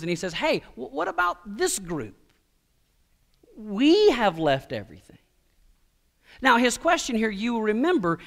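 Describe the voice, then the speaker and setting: Male pastor, middle-aged, high voice, chatty sermon delivery with stammered restarts. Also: a bit bright. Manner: conversational preaching with stammered restarts and quoted voices.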